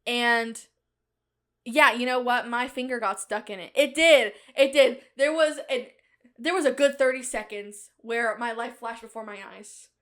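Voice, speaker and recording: A young woman hosts her own podcast, spinning a rambling comic story in a bubbly, self-deprecating style and laughing often. Her voice is fairly high and a bit bright, and she speaks a little slowly in this casual comedic monologue.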